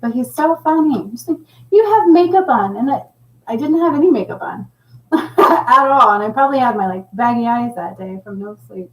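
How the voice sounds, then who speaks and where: A middle-aged woman hosting a casual livestream, chatting and reading viewer comments with a laughing, animated manner. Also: on the high side, moderate pace, echoey room, rough recording. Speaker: livestream host.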